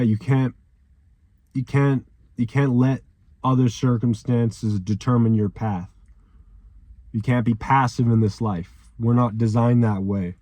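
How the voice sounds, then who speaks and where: A young man pours out a raw, emotional motivational speech, swearing freely and hammering phrases home. His voice is dark and mellow. The sound is close and dry, with little room around it. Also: mid-range voice, dry recording. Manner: intense, profane, repeats "man". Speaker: vlogger.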